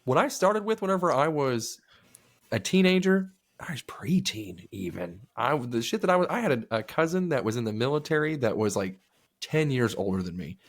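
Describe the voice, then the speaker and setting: A man's voice: mid-range voice, very animated, moderate pace. A man in his thirties co-hosting a podcast, chatting casually in a rambling, profane way. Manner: rambling, swears freely. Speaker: podcast co-host. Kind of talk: casual chat.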